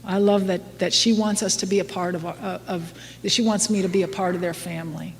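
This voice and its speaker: A woman's voice: fairly low pitch, fairly even intonation, fairly quick. Candid woman speaking in an echoing hall. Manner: candid, self-mocking, laughs often. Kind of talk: recovery talk to a live audience. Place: meeting hall before an audience. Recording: live hall with long reverb, faint noise.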